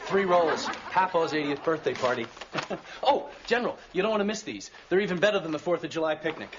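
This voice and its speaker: A man's voice: a little high, animated, brisk, close to an everyday voice. An actor playing an eager, chipper young Marine lieutenant who gushes and laughs as he talks, in an old TV sitcom. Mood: gushing. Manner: bubbly, laughing, gushing. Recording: dull old TV sitcom audio with hiss.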